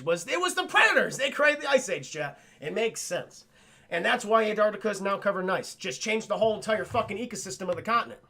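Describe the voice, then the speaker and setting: A high, gravelly-voiced man gives a casual film review on a livestream. He is excitable and profane, and he keeps talking to his chat. His tone is bright and forceful.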